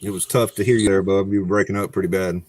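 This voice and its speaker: Male panelist, lower voice, measured delivery. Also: little pitch movement, darkish tone, slight background noise. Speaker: guest panelist. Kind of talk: casual live-stream chat.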